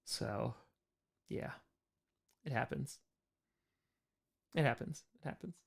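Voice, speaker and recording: Hoarse guy hosting a late stream q&a, voice kinda blown out, goofing around. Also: fairly high pitch, slow, long pauses. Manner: joking, rambling, reads out chat questions. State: hoarse, voice worn out. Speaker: live stream host answering chat. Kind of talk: casual live Q&A chat.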